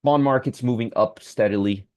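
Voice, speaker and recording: A man's voice: medium pitch, moderate pace, darkish tone, no echo. A man hosts a live trading stream, talking markets in a loose, chatty way and greeting viewers by name as he goes. His voice sits in an ordinary middle register. It is recorded close and dry, with no room sound. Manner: chatty, answers viewers by name, frequent restarts.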